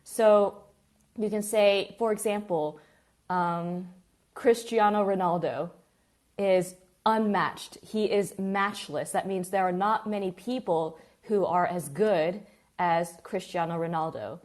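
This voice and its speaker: A woman teaching a live online English class, chatty and lively, greeting students by name as they join. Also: on the low side, takes it slowly.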